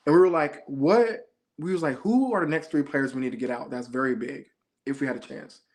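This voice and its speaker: A man's voice: mid-range voice, fast talker. A young man, a reality show contestant, telling stories in a laid-back, slangy way during a casual interview.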